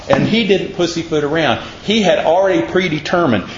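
A male preacher delivers a folksy, conversational sermon in a slightly high voice, slipping into the voices of the people he quotes. The sound is roomy and a little dull, with faint ambience behind him. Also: normal speed, hardly any pauses, slight background noise.

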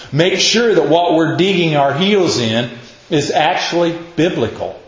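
A man preaching a sermon in an emphatic, folksy way, slowing down for quoted lines. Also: medium pitch. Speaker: pastor. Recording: roomy echo, dull lo-fi sound.

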